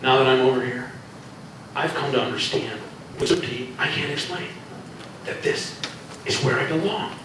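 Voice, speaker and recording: A man reads an earnest young man who argues and pleads in a lowered, sincere voice. The sound is distant and heavily echoing, as in a big room. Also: moderate pace, background noise, close to an everyday voice. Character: earnest young man torn between love and duty. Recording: echoey room from far off.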